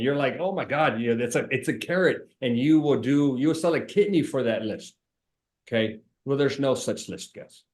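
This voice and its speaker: Man, middle-aged, agency owner, casual sales training, emphatic, repeats himself, mid pitch. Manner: animated, repetitive, emphatic.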